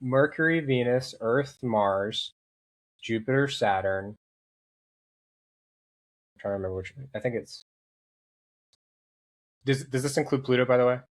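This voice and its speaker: A man's voice: mid-range voice, unhurried, long pauses. A young man in casual podcast chat, joking and rambling as he goes. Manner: joking, rambling, self-interrupting. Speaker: podcast guest.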